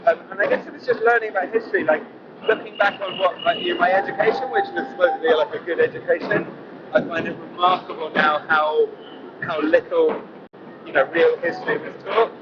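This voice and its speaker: A man's voice: on the high side, fairly even intonation, fairly quick. A man speaking as a climate activist in a street interview at a march, earnest and rambling, with lots of "you know". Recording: dull lo-fi sound, loud street noise.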